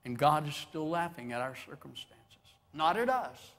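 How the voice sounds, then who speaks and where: A man's voice: a little high, very animated, normal speed, fairly bright tone, big-room sound. A man preaching a sermon as pastor, folksy and joking, building to swelling emphasis on key phrases. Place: church sanctuary.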